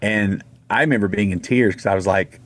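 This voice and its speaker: Low-voiced man, rambling radio guest. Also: fairly quick. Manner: rambling, retells conversations in quotes. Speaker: guest, singer. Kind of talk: casual interview storytelling.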